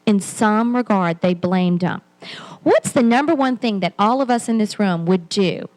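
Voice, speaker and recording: A woman's voice: mid-range voice, moderate pace, a little mellow, low-quality recording. A woman in her forties giving a candid, self-deprecating keynote talk at a conference, with many restarts. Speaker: keynote speaker. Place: conference hall.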